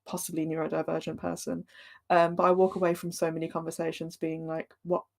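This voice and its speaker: A woman co-hosting a casual podcast chat, talking in a hesitant, thoughtful way with many pauses and fillers. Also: low-pitched, monotone, gravelly, darkish tone. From Britain. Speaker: podcast co-host.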